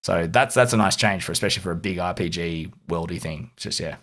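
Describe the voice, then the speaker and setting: A man's voice: deep voice, fast, a bit bright. A young Australian man co-hosting a podcast, chatting casually in a rambling, filler-heavy way with frequent laughs. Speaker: podcast co-host. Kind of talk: casual chat.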